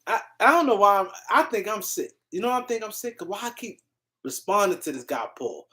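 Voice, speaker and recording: A woman's voice: medium pitch, very animated, a little fast, pushed and bright. A woman hosting a live-stream sports show, ranting in a heated, argumentative way and repeating her points. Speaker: sports commentary host.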